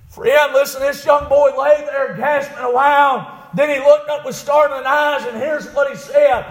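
A man preaching a fiery revival sermon, dropping to low murmurs and then rising into shouted, drawn-out cries. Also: echoey room.

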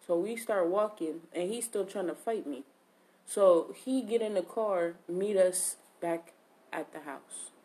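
A woman on a podcast tells a story in a slightly low voice, casual and slangy, with swearing and a steady stream of "like." Her talk is loose and conversational, with many reported exchanges. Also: a little slow. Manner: slangy, profane, lots of 'like' and quoted speech.

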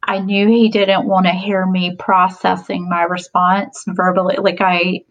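A woman in her forties, with a fairly low pitch and flat, unhurried delivery, tells stories as a guest in a laid-back podcast chat. Despite the flatness she's talkative, laughs frequently, and uses many fillers. The highs are cut off in the audio.

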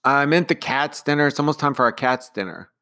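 A man voicing a hasty young boy twin in a storybook read-aloud, with a hurried manner. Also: mid-range voice, lively intonation, bright, forceful tone, voice pushed up.

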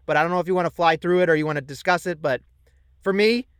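A man's voice: fairly high pitch, fast, a bit bright, clear, resonant tone, no room sound, studio quality. A man co-hosting a casual wrestling podcast who rants emphatically and swears freely. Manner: ranting, profane, emphatic. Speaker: podcast co-host.

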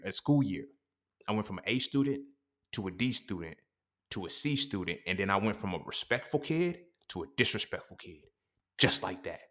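A young man hosting a podcast, telling a personal story in a profane, animated, slangy monologue. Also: fairly low pitch. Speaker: podcast host.

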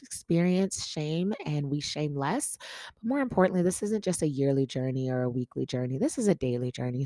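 Low-voiced, playful woman podcast host. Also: darkish tone, no echo. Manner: playful and chatty, often asks the listener "guess what" and jokes around. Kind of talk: casual podcast storytelling.

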